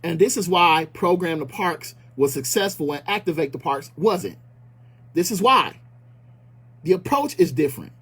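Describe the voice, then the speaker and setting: Husky-voiced, fired-up man from Milwaukee. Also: on the high side, lively intonation, moderate pace, fairly bright tone. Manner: profane, fiery, blunt. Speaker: community activist. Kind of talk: impassioned casual talk.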